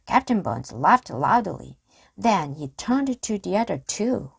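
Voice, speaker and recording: A woman reading a children's chapter book aloud, slow and expressive. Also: mid-range voice, gravelly, slightly rough, no room sound. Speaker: reader.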